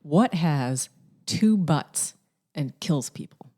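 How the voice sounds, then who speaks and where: A woman's voice: low voice, lively intonation, slow, dark tone. A woman co-hosting a podcast, chatting casually in a playful, teasing way and laughing often. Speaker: podcast co-host. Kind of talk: casual chat.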